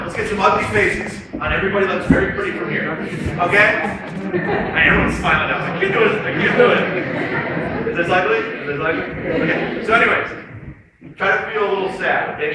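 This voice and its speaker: A man giving a lively motivational talk to students, leading them through call-and-response exercises. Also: on the high side, a little fast. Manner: energetic, leads audience in call-and-response exercises. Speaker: motivational speaker. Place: large hall with student audience. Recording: echoey hall from far off, noisy.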